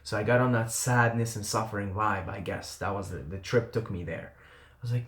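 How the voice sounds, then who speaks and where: A man's voice: lowish voice, steady tone, normal speed, a bit bright. A man telling a personal story to camera in a casual, earnest and intense way, often trailing off and swearing. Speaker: vlogger. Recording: roomy echo.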